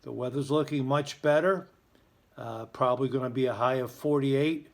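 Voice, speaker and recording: A man hosting a school's morning announcements, with a voice of ordinary middle pitch. He talks casually and cheerfully to the children, cracking self-deprecating jokes along the way. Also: normal speed, creaky. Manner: chatty, joking, self-deprecating. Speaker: school morning show host.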